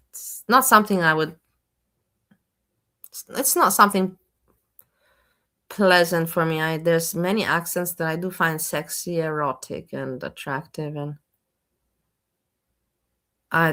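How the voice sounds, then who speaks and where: A woman's voice: deep voice, takes it slowly, long pauses, bright, forceful tone. Casting: female stream host, chatty, gushing, exclamatory. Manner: enthusiastic commentary, frequent exclamations and laughter. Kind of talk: casual reaction chat.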